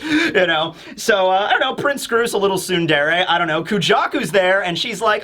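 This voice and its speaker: A man hosting a casual manga review, excitable and rambling with lots of fillers. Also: sits high, normal speed. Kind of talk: casual video commentary.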